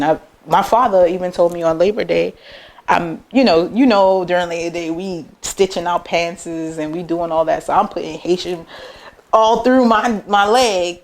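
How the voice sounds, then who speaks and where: A young American woman, a business owner, chatting casually in an interview and telling lively personal stories, acting out the voices of people she quotes. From United States. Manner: animated, acts out quoted voices with big pitch jumps.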